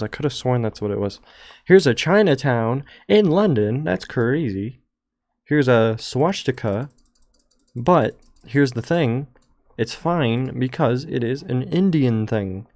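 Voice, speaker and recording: A man's voice: mid-range voice, darkish tone, dry recording. Young male streamer, loose jokey rambling, dry mic. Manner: rambling, joking, trails off. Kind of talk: casual chat over travel photos.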